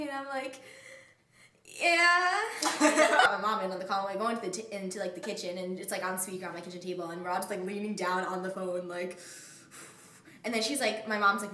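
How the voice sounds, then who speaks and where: A woman's voice: mid-range voice, fairly bright tone, a little hiss or hum. Casual teen girl, distant and roomy. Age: teens. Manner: chatty, casual, tells a story with laughs and quotes. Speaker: fan vlogger. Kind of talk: casual group storytelling.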